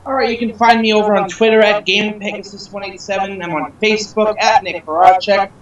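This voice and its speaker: A man briskly rattles off his social handles on a podcast. He sounds distant in a very echoey room, and the audio is dull. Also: high-pitched, steady tone. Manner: brisk, listing.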